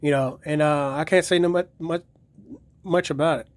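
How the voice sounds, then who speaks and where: A collector reviews his DVD collection in a casual video, profanely rambling as he retells episodes. His voice is high and steady in tone at a moderate pace, with no room sound.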